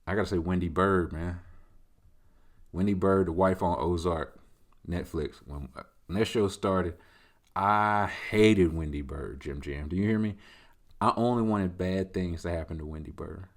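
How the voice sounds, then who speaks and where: A man with a lowish voice hosts a laid-back solo show, rambling through listener questions. He drifts between thoughts and leans on conversational tags as he talks it out. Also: a little slow. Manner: loose, rambling, conversational, leaning on filler tags. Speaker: host. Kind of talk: casual solo Q&A chat.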